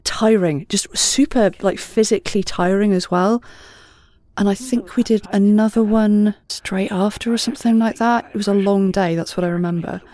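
A Welsh-accented woman and voice actor, chatting and reminiscing in an animated way. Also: mid-range voice, moderate pace. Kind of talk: casual reminiscing chat.

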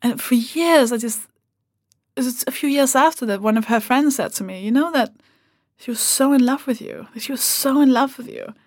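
A woman talking as a guest on a podcast, animated and swearing freely as she acts out remarks people made. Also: sits high, moderate pace, no room sound, clean studio sound. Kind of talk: casual podcast conversation.

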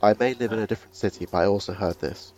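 A man's voice: on the low side, rapid-fire. A man with an English accent, a guest on a podcast, chatting in a laid-back, wry way. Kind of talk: casual chat.

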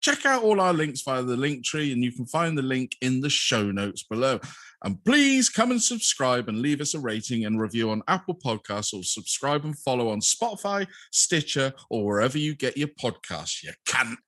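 A man's voice: medium pitch, moderate pace, no room sound. Man with dry podcast humour. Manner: dry humour, deadpan punchlines. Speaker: podcast co-host. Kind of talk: casual podcast banter.

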